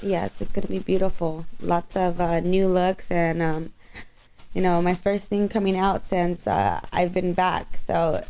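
A woman's voice: on the low side, measured pace, warm tone. A woman guest on a radio talk show, chatting casually in a playful, flirty way and laughing often. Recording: dull lo-fi radio audio.

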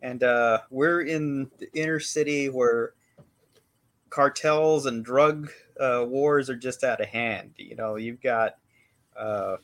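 A man's voice: mid-range voice, slow. A man co-hosting a podcast, giving a rambling, laid-back movie recap in casual chat. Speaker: podcast co-host.

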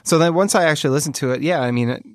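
A man co-hosting a podcast, talking casually and haltingly about music, with many fillers. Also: fairly high pitch, no room sound, studio quality. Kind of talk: casual music review chat.

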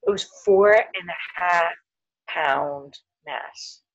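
A woman's voice: on the low side, very slow, muffled recording. A middle-aged woman telling her own story as a podcast guest. She slips into the voices of the people she quotes. At the heavy moments her voice falls almost to a whisper. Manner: animated storyteller, acts out quoted voices, drops to near whisper at hard moments. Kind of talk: personal storytelling interview.

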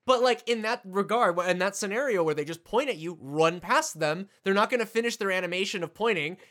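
A man hosting a podcast, joking and teasing in animated casual chat. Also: high voice, fairly quick. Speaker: podcast host.

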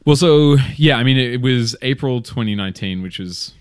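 A man's voice: medium pitch, animated, brisk, clear, resonant tone, no echo. A man from Australia with a partly Americanized Australian accent, chatting casually as a podcast guest, rambling and self-mocking. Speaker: guest, skydiver.

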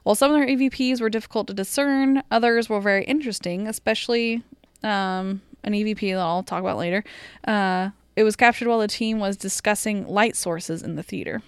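A woman's voice: mid-range voice, a little fast, clean tone, dry recording. A woman co-hosting a podcast, chatting casually and rambling about ghost stories, with swearing and laughing asides. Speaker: podcast co-host. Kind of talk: casual paranormal chat.

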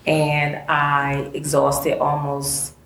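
An older woman, an independent filmmaker, speaking on a panel and telling animated stories with acted-out quotes. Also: deep voice, extremely slow. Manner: animated, storytelling, acts out quoted dialogue. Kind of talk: panel discussion. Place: panel event room. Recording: echoey room with background noise.

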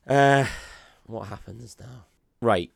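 Casual guy co-hosting a bad-film podcast, swears a lot, acts out scenes in goofy voices, middle-pitched voice. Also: takes it slowly, vocal fry. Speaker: podcast co-host. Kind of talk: casual comedic film review chat.

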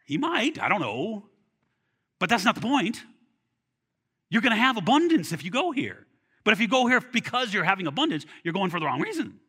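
A man preaching a sermon in an animated, conversational way, with bursts of excitement. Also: high voice, breathy edge. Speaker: pastor.

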